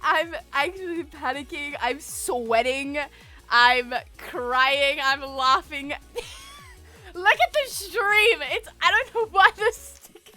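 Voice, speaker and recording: A young woman streamer chatting casually, giggling often and talking in a frantic, excitable way. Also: high voice, drawn-out words, soft background music. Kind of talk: casual live stream chat.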